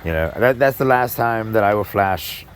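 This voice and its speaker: A man's voice: on the low side, expressive, moderate pace, slight background noise, rough recording. A man doing a stand-up comedy set in a club, rambling, breaking off mid-sentence and laughing at his own jokes.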